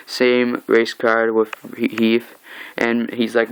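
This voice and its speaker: Dude recapping comics, gravelly voice, dry close mic, hams up the quotes. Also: male voice, mid-range voice, slow, no room sound, rough recording. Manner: animated, acts out lines with mock shouts. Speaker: comic book reviewer. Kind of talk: casual comic recap, reading dialogue aloud.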